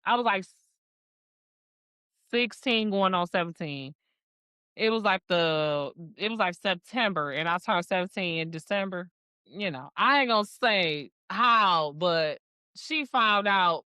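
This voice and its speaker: A woman's voice: lowish voice, animated, unhurried, bright, forceful tone, clear, resonant tone, no room sound. A woman with a Detroit accent, co-hosting a casual podcast and speaking bluntly and frankly. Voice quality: blunt, frank, swears freely. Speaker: podcast co-host.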